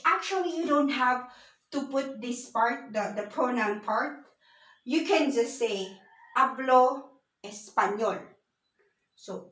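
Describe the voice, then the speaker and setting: A woman's voice: on the high side, fairly bright tone, recorded from a distance. A woman teaching a beginner language lesson, explaining patiently step by step. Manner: slow, patient explaining with frequent "so" and "now". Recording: echoey room, voice set back from the mic.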